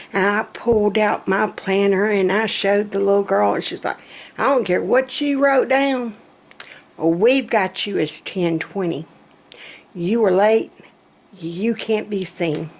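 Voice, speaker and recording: Slow-talking woman vlogging. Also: medium pitch. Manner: chatty, self-mocking storyteller. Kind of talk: casual chat.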